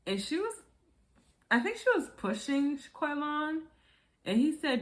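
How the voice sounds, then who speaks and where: A woman giving casual commentary on a reality show, chatty and animated, acting out quotes in high voices and often laughing. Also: moderate pace. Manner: frequent laughter. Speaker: reality TV reviewer.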